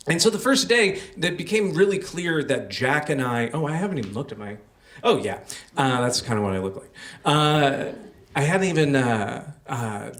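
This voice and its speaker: A man's voice: mid-range voice, distant mic. Casual young man telling a story on stage. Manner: casual, self-deprecating, many fillers. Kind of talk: live personal storytelling. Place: stage at a live storytelling show.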